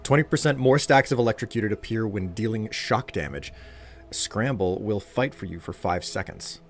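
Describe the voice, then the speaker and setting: A man's voice: on the low side, lively intonation, moderate pace, faint music behind. A British man streaming a video game, hesitantly thinking aloud and reading game menus. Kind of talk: casual gameplay commentary.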